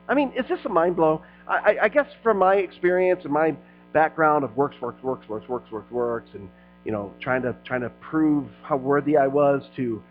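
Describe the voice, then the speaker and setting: A middle-aged man preaching a sermon as a pastor, talking to the crowd like friends and swelling into loud passionate stretches. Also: fairly high pitch, phone-quality sound. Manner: conversational preaching, rising to loud passionate peaks.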